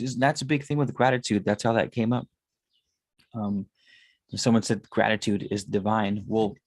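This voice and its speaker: A man's voice: mid-range voice, no echo. A man in his thirties, a tarot reader, talking in a casual, rambling monologue and swearing often. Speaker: tarot reader and spiritual consultant.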